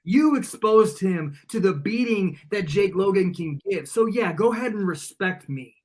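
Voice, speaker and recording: A man with a high voice cuts a cocky wrestling promo at his rival. He taunts and gloats, then sinks into a low, menacing tone. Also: lively intonation, normal speed, a little mellow.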